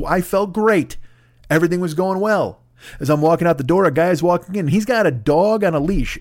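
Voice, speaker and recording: A man's voice: high voice, dry recording, studio quality. A middle-aged man hosting a podcast, telling profane, ranting stories in a solo comedic monologue. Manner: profane, ranting, animated storytelling. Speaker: podcast host.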